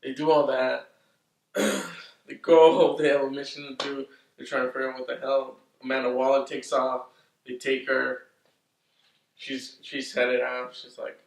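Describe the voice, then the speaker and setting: A man casually recapping a film's plot, rambling, swearing often and getting excitable. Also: mid-range voice, a little slow, vocal fry. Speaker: movie reviewer. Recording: roomy, distant from the mic.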